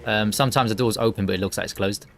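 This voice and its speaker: A man's voice: lowish voice, fairly even intonation, fast, background noise. A man chatting casually and joking while streaming a co-op game. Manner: joking, chatty, laughs easily. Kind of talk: casual gameplay chat.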